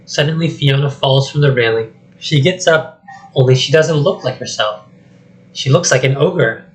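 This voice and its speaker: A man's voice: medium pitch, moderate pace, rough recording. A young man reading stage directions aloud, plain and matter-of-fact. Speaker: script reader.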